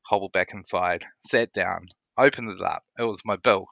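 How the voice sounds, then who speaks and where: A man's voice: low-pitched, moderate pace, creaky, no echo, dull audio. A man with a New Zealand accent, a podcast guest telling a personal story and acting out his reactions. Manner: animated storyteller, acts out his own reactions. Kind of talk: storytelling interview.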